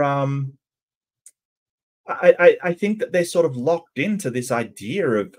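A man casually commentating on a cartoon and answering his chat, stumbling over many repeated starts. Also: on the high side.

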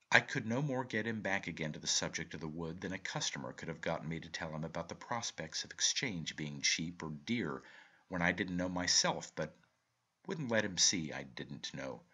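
Deep, husky male storyteller. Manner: measured, expressive first-person storytelling. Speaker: reader. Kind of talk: audiobook narration of a short story.

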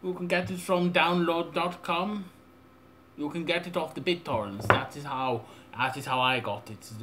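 A young man rambling through a deadpan, mock-serious audio software tutorial with absurd asides. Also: fairly high pitch, moderate pace, background noise. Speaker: tutorial maker.

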